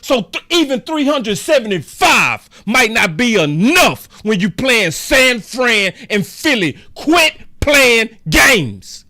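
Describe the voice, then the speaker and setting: A man's voice: very high voice, very animated, unhurried, hardly any pauses, bright, forceful tone. A man ranting heatedly as a sports commentator, repeating himself for emphasis in a fan vlog. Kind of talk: fan rant about a football game.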